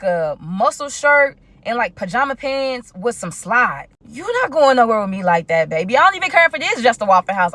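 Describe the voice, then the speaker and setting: A young woman rattles through a storytime at a quick clip, animated and full of asides to her viewers. Her voice sits a little high, and the recording is close and dry. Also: no room sound. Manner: animated, talks straight to viewers with lots of asides. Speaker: storytime vlogger. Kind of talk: casual storytime chat.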